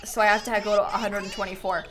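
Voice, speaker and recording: A woman's voice: mid-range voice, quick pace, background noise. Young woman, casual live-stream chatter, headset mic, faint keyboard typing behind. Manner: chatty and animated, laughing and talking to the game.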